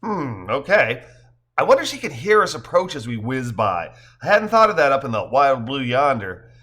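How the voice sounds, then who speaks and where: A man's voice: mid-range voice, big pitch swings, normal speed, a bit bright. A man doing a corny, joking guy. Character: playful jokey man, corny humor.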